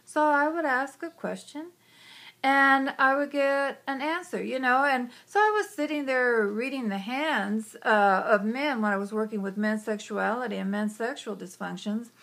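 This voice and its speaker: A woman's voice: fairly high pitch, moderate pace, vocal fry, fairly bright tone. A woman, a psychic hypnotist, telling a personal story in a chatty way, often saying "you know" and whispering some quotes. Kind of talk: conversational storytelling.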